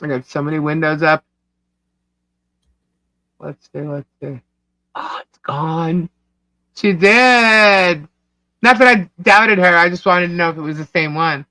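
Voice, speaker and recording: A man with a New York accent co-hosting a casual livestream, reading chat comments out loud in a scattered, distracted way. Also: a little high, a little slow, pauses often, dry recording. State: hiccups. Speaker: livestream co-host. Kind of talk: casual live-stream chat.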